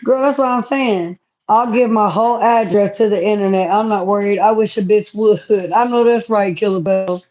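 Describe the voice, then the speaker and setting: A woman's voice: mid-range voice, steady tone, moderate pace, few pauses, darkish tone. Lady chatting on her live from home, kinda dull phone sound. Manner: chatty, reads viewer comments aloud. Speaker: livestream host. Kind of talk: casual livestream chat. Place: home, indoors.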